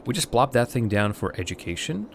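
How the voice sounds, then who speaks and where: The streamer's voice is mid-range and gravelly, with a sing-song lilt and a slightly quick pace, over a faint hiss or hum. He's a native Russian speaker from Latvia doing live game commentary. He thinks aloud, wanders between game remarks and viewer chat, and keeps restarting and filling pauses.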